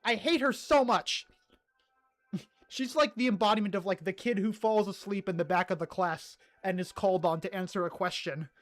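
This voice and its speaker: Stammering, excitable streamer ranting casually. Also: medium pitch, moderate pace, soft background music. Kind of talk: casual livestream chat reading comments.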